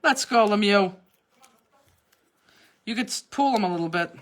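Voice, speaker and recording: A middle-aged woman leads a live crafting class from home. She chats casually, explains each step and why, and jokes with whoever is nearby. Her voice sits at an ordinary middle pitch. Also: expressive, normal speed. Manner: chatty, instructive, teasing asides. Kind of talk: live online card-making class, casual chat.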